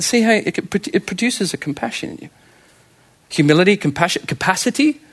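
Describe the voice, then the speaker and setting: An Australian man in his thirties preaches with a high, light voice. He is animated, puts rhetorical questions to the congregation and laughs often as he goes. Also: a little fast. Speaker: pastor. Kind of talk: sermon.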